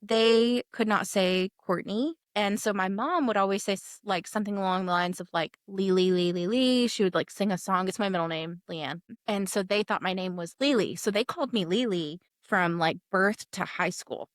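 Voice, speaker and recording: A young woman co-hosting a podcast from home tells stories and chats casually, giggling and animated, laughing often. She speaks at a medium pitch and moderate pace with few pauses. The recording is dry and studio quality.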